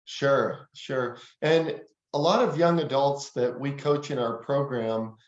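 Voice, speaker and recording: A man's voice: mid-range voice, slow. Hesitant male interviewer, roomy lo-fi sound. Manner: hesitant, repeats words when asking. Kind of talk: interview questions.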